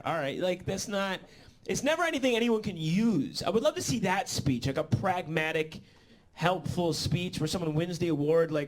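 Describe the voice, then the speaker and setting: A man's voice: sits high, sing-song, normal speed. Rambling man doing stand-up. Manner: rambling, filler-heavy delivery with swearing. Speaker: stand-up comedian. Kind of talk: live stand-up set. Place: comedy club stage.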